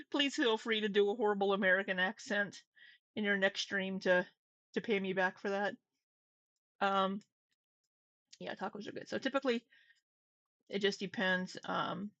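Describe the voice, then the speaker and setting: A woman's voice: medium pitch, a bit bright, no echo. A woman with a runny nose chatting casually on a live stream at home, rambling, greeting viewers and laughing easily. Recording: slightly dull lo-fi stream audio.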